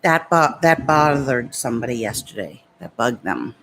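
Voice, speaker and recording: A woman's voice: very deep voice, sing-song, moderate pace, noisy background. A woman beauty vlogger chatting casually while doing her makeup and answering viewer comments in a defiant, talkative way. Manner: defiant, chatty, talks back to critics.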